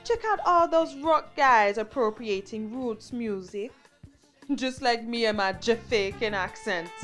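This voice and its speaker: A woman's voice: on the high side, unhurried, a bit bright, soft background music. An actress playing a chatty radio DJ in an audio drama, plugging her show. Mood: breezy. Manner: breezy, chatty radio patter.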